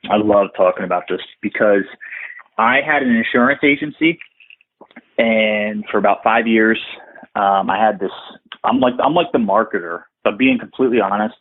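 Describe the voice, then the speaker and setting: A man being interviewed as a guest, talking candidly in a rambling way with many restarts. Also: fairly low pitch. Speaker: podcast guest, outsourcing business owner. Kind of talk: casual interview talk. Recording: tinny phone-like line.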